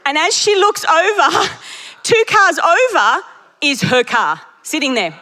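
High-voiced woman preaching in a hall. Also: slow. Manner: lively storytelling, laughs at her own jokes. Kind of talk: sermon. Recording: long reverb of a large hall.

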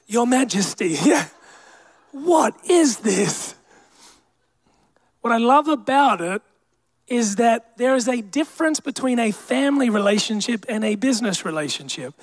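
A man's voice: extremely high pitch, lively intonation, normal speed, dry recording. A young man preaching a sermon with emphatic delivery, calling out to the congregation. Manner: emphatic preaching with crowd call-outs. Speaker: pastor.

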